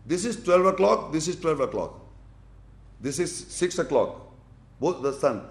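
A man's voice: a little high, sing-song, a little slow, roomy sound. A man teaching a religious lesson, quizzing his class and demonstrating with his hands.

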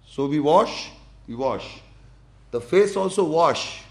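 Gravelly high-voiced man teaching. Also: animated, slow pace. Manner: emphatic, repetitive, demonstrates with gestures. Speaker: Islamic teacher. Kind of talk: explanatory religious lesson with demonstration.

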